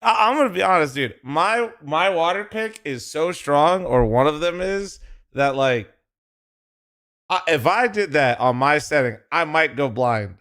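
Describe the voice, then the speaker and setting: Hosting a live-stream watch party, this man chats casually with his viewers, laughing, swearing, and speaking straight to chat. His voice sits fairly high and is slightly nasal with a fairly bright tone, animated but unhurried.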